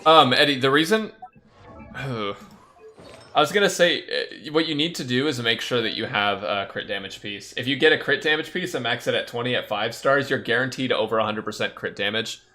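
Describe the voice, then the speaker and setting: A man's voice: medium pitch, moderate pace, sharp tone. A man streaming a game, chatting casually and rambling candid opinions while reading chat aloud.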